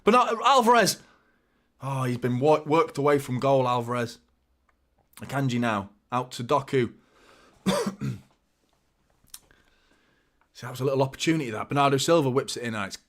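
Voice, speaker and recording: Bloke doing a live footy watchalong, chatty fan commentary, gets loud and sweary at goals. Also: male voice, mid-range voice, normal speed, long pauses. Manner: chatty, addresses viewers as mate. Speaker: watchalong host. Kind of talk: live match commentary and chat.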